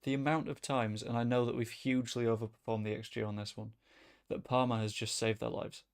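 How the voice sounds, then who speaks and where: A man chatting casually as he streams a football management game, rambling and breaking into sudden excited outbursts. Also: mid-range voice, a little fast, clean tone. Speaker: gaming streamer. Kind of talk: casual gameplay commentary.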